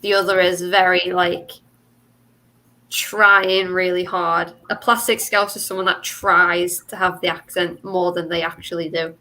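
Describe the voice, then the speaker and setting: A woman's voice: on the low side, level tone, measured pace, sharp tone, poor audio. A woman with a Merseyside accent from the Wirral, chatting casually as a podcast co-host and laughing often. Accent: Merseyside English. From Wirral, England. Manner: chatty, laughs often, explains with many fillers. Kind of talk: casual chat.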